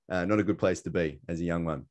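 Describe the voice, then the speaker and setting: Australian man, lowish voice, casual webinar presenter, filler-heavy and self-mocking. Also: moderate pace, darkish tone. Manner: chatty, many fillers, laughs at himself. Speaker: presenter sharing his story. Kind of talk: casual presentation on a video call.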